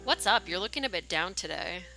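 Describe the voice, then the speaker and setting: A pushy teenage boy who teases his friend, read aloud by a woman streaming a game. The tone is bright and forward, pitched on the low side. It stays plain, like game text read off the screen. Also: animated, soft background music, low-quality recording. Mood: teasing. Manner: reading game dialogue aloud, brisk and teasing.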